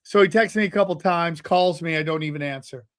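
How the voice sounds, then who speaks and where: A man from upstate New York, a comedian and podcast host, telling a story with lively delivery and deadpan asides. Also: a little high, fairly quick.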